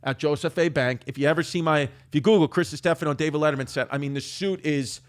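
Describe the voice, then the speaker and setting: A man from Queens, a comedian guest telling a story in an animated, self-mocking way. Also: on the high side, fast talker. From New York, Queens. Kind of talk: storytelling on a talk show.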